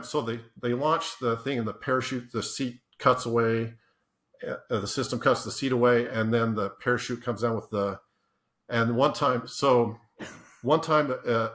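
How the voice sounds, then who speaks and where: In a medium-pitched, fairly bright voice, a man shares laid-back stories during an interview. His telling is rambling and full of restarts and laughs, and he voices other people's quotes.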